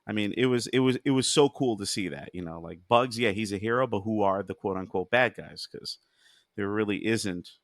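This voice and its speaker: A man's voice: on the low side, fairly quick, no room sound, clean studio sound. A man co-hosting a podcast, chatting in a rambling, self-amused way with many fillers. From United States. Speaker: podcast co-host. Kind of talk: casual chat.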